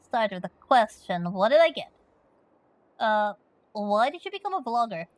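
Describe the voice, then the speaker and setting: A woman talking in a relaxed, casual way, often pausing with "uh" as she goes through questions. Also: fairly high pitch, dry recording, low-quality recording. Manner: relaxed, with frequent "uh" fillers.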